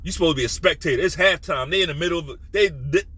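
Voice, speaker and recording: Blunt profane man ranting, bright voice. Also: fast, breathy edge, rough recording. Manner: blunt, profane, animated, drops to a low menacing tone. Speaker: sports commentary host. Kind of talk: casual opinion rant.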